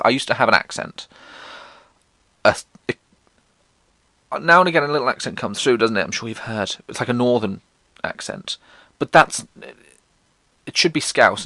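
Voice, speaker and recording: A man's voice: on the low side, sharp tone, dry recording. A young man from England with a posh English accent, telling school stories in a sardonic, sweary, theatrical way. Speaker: vlogger. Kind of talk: casual storytelling monologue.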